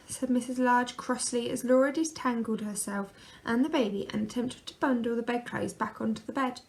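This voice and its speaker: A woman reading a children's picture book aloud, gently and expressively. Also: on the high side, fairly even intonation, moderate pace, vocal fry. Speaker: storyteller.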